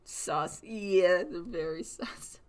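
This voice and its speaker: A woman's voice: lowish voice, slow, a little mellow. A young woman chatting casually on a livestream, sarcastic and giggly, laughing often and acting out quoted voices. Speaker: streamer chatting while drawing.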